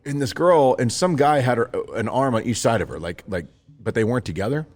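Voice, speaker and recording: This is a brisk, mid-range male voice belonging to a podcast co-host in his thirties. Chatting casually, he recounts a story with lots of energy, imitating the voices of the people in it.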